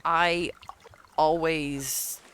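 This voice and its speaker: A woman's voice: deep voice, very slow, clean tone. A woman in her forties from the American South with a Southern accent, chatting casually and telling blunt, sassy stories. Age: 40s. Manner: animated storytelling, blunt and sassy. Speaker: streamer. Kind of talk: casual chat.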